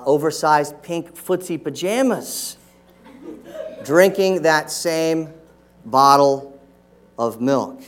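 A middle-aged man preaching a sermon in a church, talking with his congregation through rhetorical questions and now and then acting out scolding voices. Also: medium pitch. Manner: acts out scolding voices to make a point. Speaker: pastor. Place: church sanctuary.

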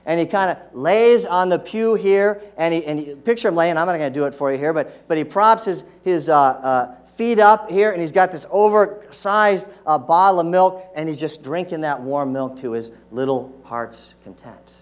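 Casting: middle-aged male pastor, conversational preacher, slightly raised pitch, asks the pews lots of questions. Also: moderate pace, hardly any pauses, clear, resonant tone. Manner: acts out scolding voices to make a point. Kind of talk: sermon. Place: church sanctuary.

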